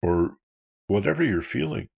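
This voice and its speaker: Man, husky voice, deep, earnest counselor talk, rhetorical questions. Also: sing-song, normal speed, darkish tone. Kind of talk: talk on emotional self-awareness.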